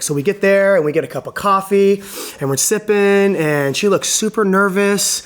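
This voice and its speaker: A man on a podcast telling a personal story in a casual, animated way. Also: fairly high pitch, normal speed.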